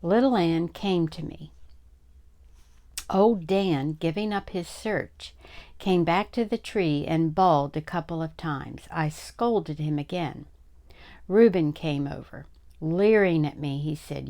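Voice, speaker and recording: Older woman reading a chapter book aloud, low voice, unhurried storytime delivery. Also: darkish tone. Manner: slow, deliberate reading.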